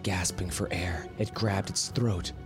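Low-voiced male podcast host reading horror in a measured, dramatic style over a music bed. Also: fairly even intonation. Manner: measured, dramatic, drops to a whisper for tense moments. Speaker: podcast host and story narrator. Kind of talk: scripted horror narration. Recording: narration over clear music.

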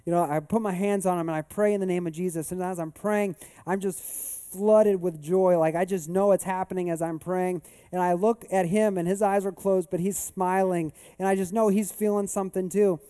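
A man preaching at a church service, his voice set high for a man but warm and soft in tone. He moves from easy, chatty storytelling into pressing rhetorical questions to his congregation. His delivery stays that of a pastor leading worship. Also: fairly even intonation, normal speed, hardly any pauses, clear, resonant tone. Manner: conversational storytelling building to emphatic rhetorical questions. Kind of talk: sermon.

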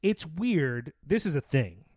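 A man's voice: on the high side, sing-song, takes it slowly, darkish tone, slightly rough, no echo, clean studio sound. A man in casual podcast chat, blunt and sarcastic, swearing now and then. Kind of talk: casual chat about movies.

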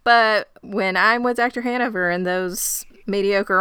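Woman, podcast co-host, dry close sound, smooth voice, easygoing. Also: medium pitch, fairly even intonation, unhurried, pushed and bright, dry recording. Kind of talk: casual recap chat.

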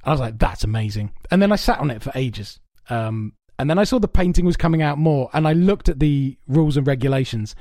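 A man co-hosting a podcast in casual chat, telling long stories in an animated, rambling way with lots of swearing. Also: medium pitch, a little fast, few pauses, no room sound. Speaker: podcast co-host. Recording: dry, soundproofed home room.

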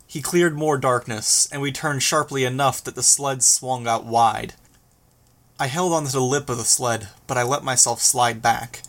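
A mid-pitched male voice carries this audiobook passage. He narrates the novel from a script, his delivery calm, steady and measured.

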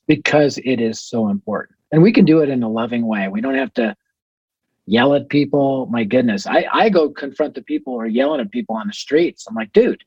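A man, a ministry leader as guest on a podcast interview, who tells energetic stories and acts out conversations. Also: mid-range voice, breathy edge, no room sound, lo-fi sound. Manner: energetic storyteller acting out conversations.

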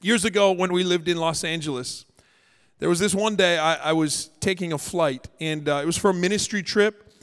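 A Canadian-born male pastor preaching with humour and emphatic storytelling. His voice sits fairly high, and it rings out with a long reverb in a large hall. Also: moderate pace, fairly bright tone, clear, resonant tone. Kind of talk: sermon. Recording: echoey hall.

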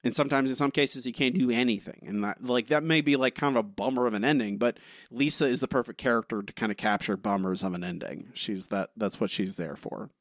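A man's voice: mid-range voice, dry recording, studio quality. A man co-hosting a podcast in casual chat, rambling animatedly with lots of filler words. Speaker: podcast co-host.

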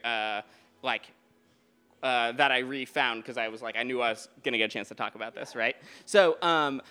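A man with a smooth, medium-pitched voice tells a true story live on stage at a beer garden show. He rambles animatedly, restarting often and using many fillers.

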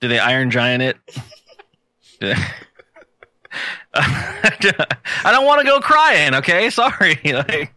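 A man's voice: fairly high pitch, big pitch swings, slow pace, pauses often, bright, forceful tone, no room sound. A man co-hosting a casual podcast, joking and swearing through the banter. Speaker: podcast co-host.

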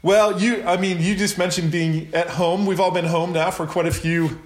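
A man's voice: high-pitched, steady tone, moderate pace. A middle-aged man hosting a casual podcast interview, upbeat and chatty, teasing his guest. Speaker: podcast host. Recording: roomy echo.

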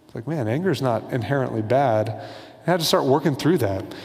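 A man's voice: mid-range voice, lively intonation, quick pace, a little mellow, in a large hall. A man preaching a sermon in a casual, conversational way, acting out little bits of dialogue. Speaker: pastor.

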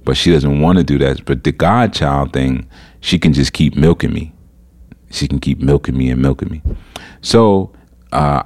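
A man hosting a podcast, telling a story in a casual, animated way, incredulous and laughing at times. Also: very deep voice, moderate pace. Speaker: podcast host.

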